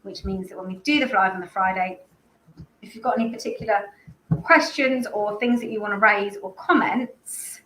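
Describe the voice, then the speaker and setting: A woman with a mid-range, bright voice and a forceful tone hosts a casual live stream for a dog behaviour school. She speaks at normal speed in a rambling, chatty way, full of restarts and asides. The room is echoey with faint ambience.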